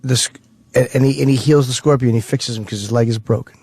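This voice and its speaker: Crude deadpan radio co-host, man. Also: mid-range voice, fast, breathy edge, dry recording. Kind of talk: crude comedic banter.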